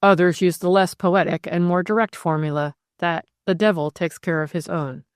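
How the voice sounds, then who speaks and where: A woman voicing a peculiar old man who tells crime stories in a measured way. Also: on the low side, fairly even intonation, dry recording, clean studio sound, close to an everyday voice. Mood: musing.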